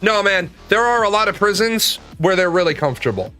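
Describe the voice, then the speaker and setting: Man, high bright voice, blunt, profane, casual chat host. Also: expressive, a little fast, soft background music.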